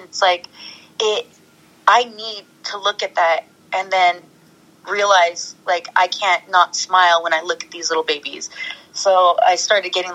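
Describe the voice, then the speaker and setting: Young woman, interview guest, bubbly, rambling, laughing often, bright voice. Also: on the low side, rough recording. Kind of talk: casual interview chat.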